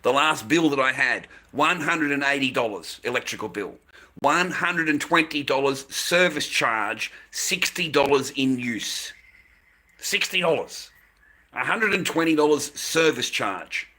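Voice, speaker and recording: Australian man, forceful bright tone, blunt streamer rant, swears freely, repeats points. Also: medium pitch, animated, unhurried. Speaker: livestream host. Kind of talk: casual ranting to viewers.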